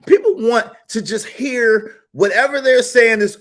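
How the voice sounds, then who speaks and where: A man hosting a casual live stream, telling a story in an animated, slangy style with lots of repetition. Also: very high-pitched, measured pace, few pauses. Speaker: YouTube live stream host.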